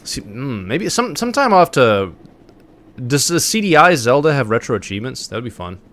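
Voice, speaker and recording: A man streaming a game live, giving animated, mocking commentary with laughs. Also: medium pitch, fairly quick.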